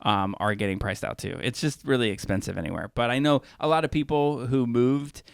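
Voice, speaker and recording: A man's voice: medium pitch, a little fast, vocal fry, smooth, no echo, studio quality. A man co-hosting a podcast in casual chat, rambling through long asides. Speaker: podcast co-host.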